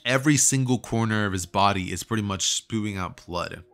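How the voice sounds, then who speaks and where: A man's voice: fairly low pitch, fairly quick, a bit bright. A man narrating a fan story in a casual way, with fillers and restarts. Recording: faint music behind.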